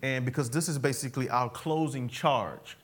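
A male pastor preaching a sermon, playful and animated, constantly calling the congregation to answer "amen". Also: mid-range voice, normal speed. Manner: animated, playful, calls for amens. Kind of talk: sermon with call and response.

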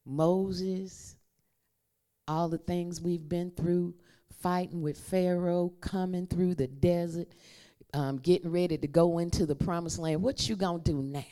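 A woman's voice: lowish voice, steady tone, unhurried, mellow. A woman preaching a conversational sermon and calling on the congregation to repeat her words. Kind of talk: sermon with call and response.

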